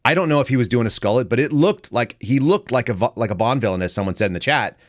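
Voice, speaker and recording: Fast-talking, animated male host. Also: mid-range voice, no echo, clean studio sound. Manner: rambling, quick asides, joking. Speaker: podcast host. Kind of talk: casual political commentary.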